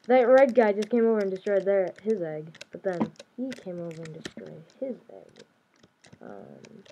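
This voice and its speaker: Young woman, casual gameplay commentary, chatty, playful, mellow voice, faint keyboard clicks. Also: mid-range voice, gravelly, a little hiss or hum, poor audio. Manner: chatty, playful, talks to herself while playing. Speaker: gaming YouTuber. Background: keyboard and mouse clicks.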